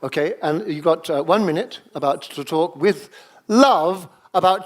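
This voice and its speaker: A man's voice: fairly high pitch, unhurried. A man leading an improvisation exercise in front of a live audience, coaxing people and calling out to them. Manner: energetic, coaxing, calls out to the audience. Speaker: workshop leader. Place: seminar room with a live audience.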